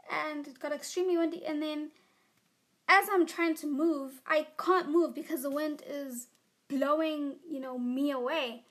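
A teenage girl, telling funny stories in a casual solo podcast, chatty and giggly, full of "like" and "you know". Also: sits high. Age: teens. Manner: giggly and animated. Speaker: podcast host. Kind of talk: casual storytelling monologue.

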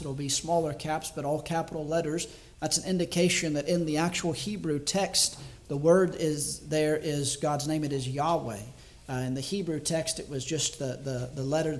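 Man, slightly high voice, evangelist giving a sermon, reflective, slows down to stress key words. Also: darkish tone. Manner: thinks aloud with small restarts. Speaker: evangelist preaching to a congregation.

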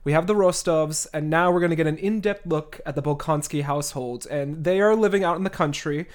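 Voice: mid-range voice, fairly quick. A podcast host giving a casual, irreverent chapter recap in a chatty way, with occasional swearing.

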